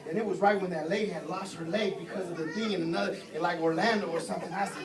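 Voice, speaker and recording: A middle-aged evangelist preaching a sermon, telling humorous stories in an informal voice and building to shouted exhortations. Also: male voice, high voice, racing, few pauses, recorded from a distance, a crowd in the background. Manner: swings from soft storytelling to shouted exhortation; informal, humorous, repeats phrases. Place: church sanctuary. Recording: echoey church hall from off mic. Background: congregation calling out responses.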